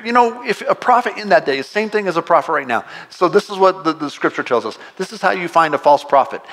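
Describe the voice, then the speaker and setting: A man's voice: sits high, fairly bright tone. A man preaching a sermon as a pastor, talking to his congregation in a conversational way with playful asides, his voice rising emphatically on exclamations.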